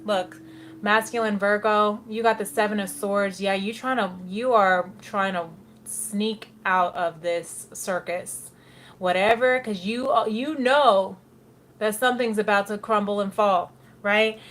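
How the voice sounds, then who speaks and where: A woman's voice: mid-range voice, steady tone, unhurried, fairly bright tone. Brief: chatty woman reading tarot, easy mid-range voice, laughs a lot, faint hiss behind. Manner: chatty, laughs often, slips into quoted asides. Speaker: tarot reader.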